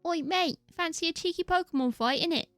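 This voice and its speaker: A woman's voice: very high-pitched, brisk, fairly bright tone, dry recording, faint music behind, pitched above the performer's own voice. Woman putting on a cheeky British bloke. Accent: exaggerated British. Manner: chirpy, slangy, playful. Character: cheeky exaggerated British bloke, male, adult.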